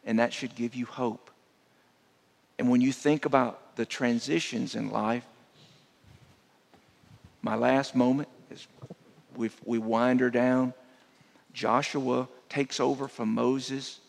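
A man preaching a sermon as a guest speaker, dropping to a hushed voice to make his points. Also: medium pitch, little pitch movement, slow, vocal fry, long pauses. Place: church sanctuary. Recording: long church hall reverb.

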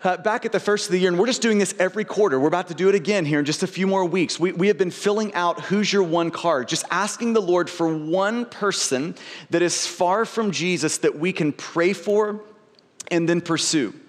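Male pastor, high register, earnest sermon delivery with stumbling repeats; long hall reverb. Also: brisk. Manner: earnest, frequent word repeats and restarts.

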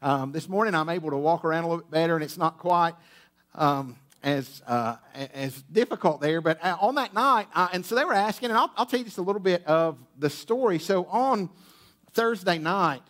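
A high-pitched male pastor tells a funny personal story from the pulpit of a church auditorium. He stumbles through restarts and drops playful asides to the congregation. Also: a little fast. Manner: humorous, animated storytelling with many restarts. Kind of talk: storytelling sermon. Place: church auditorium with sound booth.

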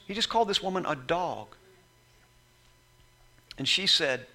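A man preaching a sermon, reading scripture and acting out the scenes, moving from quiet reading to loud, shouted lines. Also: high-pitched, expressive, unhurried, pauses often. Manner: acts out Bible scenes in voices, swings from soft reading to shouting. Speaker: pastor.

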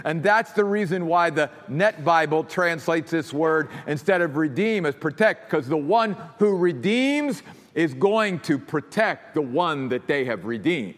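A man's voice: on the high side, lively intonation, measured pace, a bit bright, long reverb tail. A man preaching a sermon as pastor, emphatic and building his points through repeated phrases.

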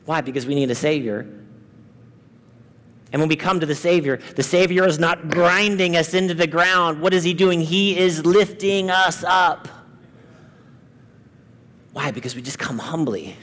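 A man preaching a sermon as pastor, swinging between loud emphatic lines and hushed quiet ones. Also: high voice, normal speed. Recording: long reverb of a large hall.

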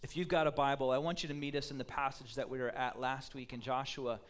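A man preaching a sermon in a lively, conversational way. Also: medium pitch, quick pace. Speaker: pastor.

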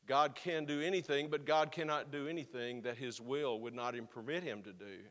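A man's voice: mid-range voice, fairly bright tone. Earnest male pastor in a reverberant hall. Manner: earnest, building to slow emphatic stresses. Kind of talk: sermon.

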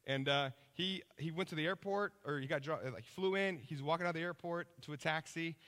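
A man preaching a sermon, telling lively stories and checking in with his listeners. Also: a little high, brisk, in a large hall. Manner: energetic storytelling, checks in with listeners.

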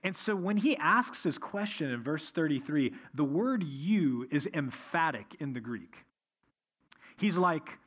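A man's voice: a little high, animated, unhurried, fairly bright tone, slightly rough. A man preaching an expository sermon, reading scripture aloud and then explaining it verse by verse. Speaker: pastor.

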